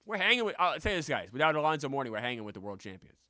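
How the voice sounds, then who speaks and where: A man streaming a basketball video game, chatting and bursting into loud yelled celebrations, sometimes out of breath. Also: a little high, very animated, very fast, no room sound. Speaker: gaming streamer. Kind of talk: excitable gameplay commentary.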